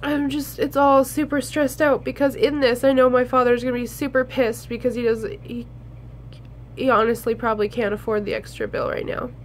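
Tearful high-voiced young woman vlogging. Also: little pitch movement, a little hiss or hum. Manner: halting, tearful, many restarts. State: crying. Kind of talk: emotional personal vlog.

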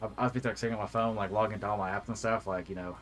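Young male co-host, quick, cursing gym rant, faint music under him. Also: lowish voice, fairly even intonation, fairly bright tone. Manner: rambling, heavy filler, swears a lot. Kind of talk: casual chat.

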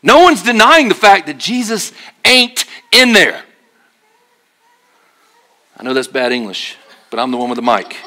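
Male pastor, sermon delivery, bright and slightly high voice, animated storyteller. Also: a little slow, pauses often. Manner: drops to a quiet, earnest tone for serious points. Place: church.

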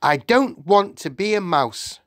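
A spoiled, loud-mouthed boy squeaks out his outrage in a high, bouncing voice, as a man reads him for an audiobook. The delivery is unhurried and the sound close and dry. He blusters and shouts like a boy used to getting his way. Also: lively intonation, dry recording. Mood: indignant. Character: loud-mouthed greedy boy turned mouse.

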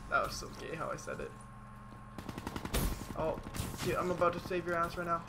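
A young man giving excitable, cursing commentary over his own gameplay as a gaming channel host. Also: on the high side, moderate pace, heavy background noise. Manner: excitable, cursing, self-mocking. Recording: loud game gunfire under voice. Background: game gunfire and shots.

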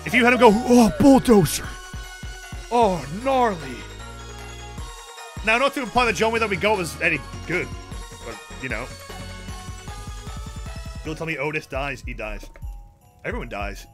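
A young man streaming a game, chatting in a rambling, excitable way with sudden shouts and swearing. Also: a little high, a little fast, pauses often, soft background music. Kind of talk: casual chat while gaming.

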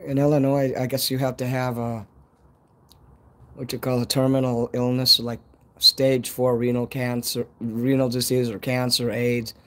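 A man's voice: mid-range voice, flat delivery, moderate pace, a bit bright. Rambling man with a Chicago accent. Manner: rambling, chatty, swears freely. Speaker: livestreamer. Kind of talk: casual live-stream chat.

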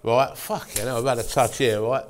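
A man from England tells a blunt tale with plenty of swearing, pausing often to ask his listeners "right?". His voice is at an ordinary pitch for a man. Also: steady tone, very noisy. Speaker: guest storyteller. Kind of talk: casual anecdote telling.

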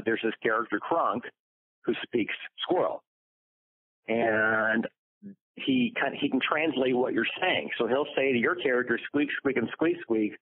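A man voice actor telling lively stories in an interview, acting out the quotes. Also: mid-range voice, no room sound. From United States. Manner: lively storyteller, acts out quotes. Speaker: voice actor guest. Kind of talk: interview anecdotes. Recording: dry phone-like line.

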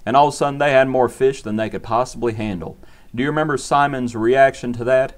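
A man's voice: mid-range voice, steady tone, quick pace. Earnest man giving a short sermon. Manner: earnest, repetitive preaching cadence. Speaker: preacher.

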